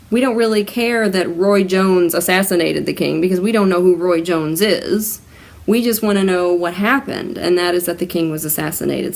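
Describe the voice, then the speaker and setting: Woman teaching grammar, lowish voice, gravelly fry, casual explanatory lesson. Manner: conversational, explains with spoken examples. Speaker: writing tips host.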